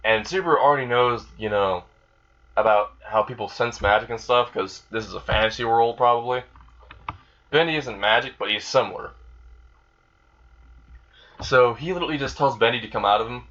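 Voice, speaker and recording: A man's voice: mid-range voice, normal speed, long pauses, fairly bright tone, lo-fi sound. A young man casually retelling an improvised fan story, rambling with lots of fillers, restarts and swearing.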